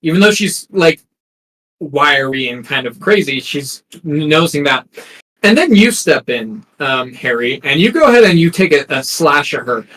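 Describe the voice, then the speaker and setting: A man's voice: on the high side, sing-song, moderate pace, a bit bright, low-quality recording. A man narrating a tabletop game as game master, hesitant and full of ums and restarts.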